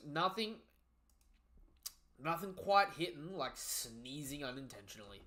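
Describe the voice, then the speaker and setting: A young man hosting a live manga reaction, excitable and slangy, often breaking off and restarting mid-sentence. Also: medium pitch, normal speed.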